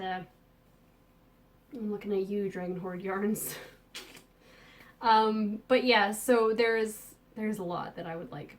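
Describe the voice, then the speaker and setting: A woman hosting a casual podcast, talking enthusiastically about yarn she has dyed and received, with soft muttered asides. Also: mid-range voice. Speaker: podcast host and yarn dyer. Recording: distant mic with faint background noise.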